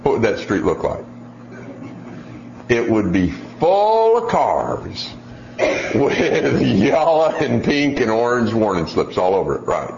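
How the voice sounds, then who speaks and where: A man teaching on child training in a sermon style, animated and acting out nagging parents. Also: mid-range voice, takes it slowly, vocal fry. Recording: echoey, dull lo-fi recording with faint hiss.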